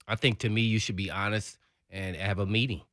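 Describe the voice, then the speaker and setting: A man's voice: fairly low pitch, fairly even intonation, a little fast, fairly bright tone, no room sound, clean studio sound. Rambling male sports radio co-host. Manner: rambling, filler-heavy, earnest. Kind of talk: casual sports talk.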